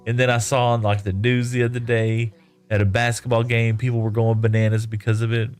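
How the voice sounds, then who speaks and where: A man's voice: mid-range voice, flat delivery, fairly quick, smooth, faint music behind. A man live-streaming a game, chatting casually and reading viewer comments in a rambling, easygoing way, often laughing.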